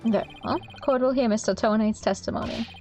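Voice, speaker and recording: A woman streamer reads through a courtroom video game aloud, voicing the lines and tossing in playful, amused remarks. Her voice sits fairly high. Soft background music plays underneath. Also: a little fast. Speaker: streamer playing a visual novel.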